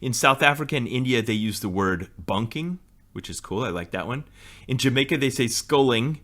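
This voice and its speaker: A man's voice: mid-range voice, lively intonation, moderate pace, fairly bright tone. A man in his forties, co-hosting a podcast in casual chat and explaining things in a storytelling way. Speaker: podcast co-host.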